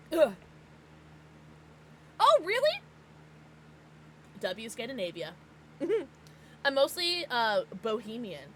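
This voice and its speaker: An American woman livestreaming, chatting casually with her viewers in an excitable, bubbly way. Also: a little high, a little hiss or hum. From United States. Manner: excitable, bubbly, gasps and laughs often.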